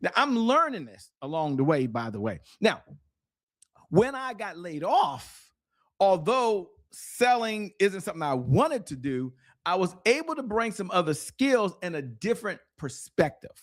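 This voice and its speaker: A middle-aged man tells stories as an interview guest with real energy, his voice sitting a little high and swooping up and down. He speaks straight to the viewers with the push of a preacher. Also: unhurried. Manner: animated, preacher-like, addresses viewers directly. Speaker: guest, sales strategist.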